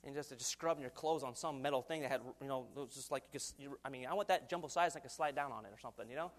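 In his twenties, this man delivers a lively sermon, performing quoted voices and chuckling often. His voice is mid-range and his pace races.

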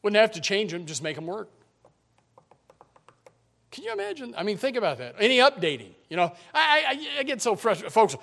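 A man preaching a sermon in a church, emphatic, swinging between loud and quiet. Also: high-pitched, huge pitch swings, fairly quick, gravelly, long pauses. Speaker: pastor. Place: church sanctuary.

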